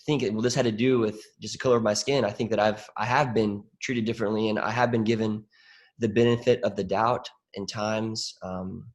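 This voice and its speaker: Guy running a video call discussion, lowish voice, lots of uh and um, thoughtful. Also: fairly even intonation, brisk. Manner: reflective, hesitant, with many fillers. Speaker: discussion moderator. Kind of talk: moderating a group conversation on a video call.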